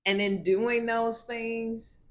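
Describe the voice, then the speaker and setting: A woman co-hosting a podcast holds a casual chat about marriage, earnest and reflective, using lots of "you know" fillers. Her voice is a little high and level in tone, and she draws out her words.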